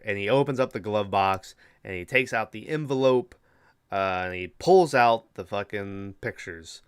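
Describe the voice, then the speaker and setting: A man's voice: mid-range voice, measured pace, clean tone, no room sound, clean studio sound. A man hosting a podcast, casually retelling a movie plot in a rambling, profane way with lots of fillers. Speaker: podcast host.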